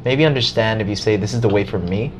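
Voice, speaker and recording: A man in casual podcast chat, talking in an animated way, swearing and laughing as he tells a story. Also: fairly low pitch, fast, background noise.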